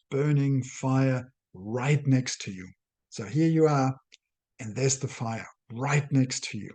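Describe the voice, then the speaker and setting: Husky middle-aged male psychologist, mid-pitched, calm halting explainer. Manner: measured, halting delivery in short phrases with self-corrections. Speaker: clinical psychologist. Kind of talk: explanatory talk to camera.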